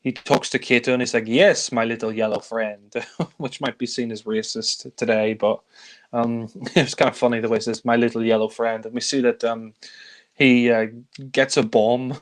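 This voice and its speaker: A man's voice: mid-range voice, level tone, moderate pace. A man casually reviewing films, rambling through scenes with lots of fillers and frequent chuckles. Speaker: film reviewer. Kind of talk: casual film review chat.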